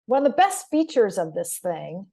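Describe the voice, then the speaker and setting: Brief: woman host and coach, measured and conversational, medium pitch. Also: very animated, vocal fry, dark tone. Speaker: podcast host and communication coach. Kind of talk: conversational interview.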